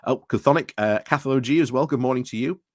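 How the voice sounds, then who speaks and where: A British man hosts a casual livestream from home, rambling through commentary, restarting sentences, and greeting people in chat. His medium-pitched voice moves fast, and the studio-quality recording has no room sound.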